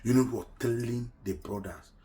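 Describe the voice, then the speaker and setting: A middle-aged man telling his own story in an earnest, emotional way, often dropping to a hushed voice. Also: medium pitch, moderate pace, a little hiss or hum. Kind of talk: personal story told to camera.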